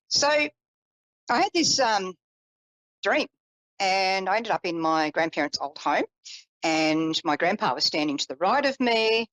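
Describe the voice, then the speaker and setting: A woman psychic telling a personal story in a chatty, animated way, with self-deprecating asides. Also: medium pitch, measured pace, long pauses, no room sound, rough recording. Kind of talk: personal storytelling on a live call-in show.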